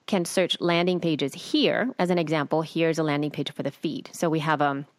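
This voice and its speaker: Low-voiced woman co-hosting a podcast. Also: moderate pace, dry recording, studio quality. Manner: reads listener mail, hesitant restarts. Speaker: podcast co-host. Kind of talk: casual chat.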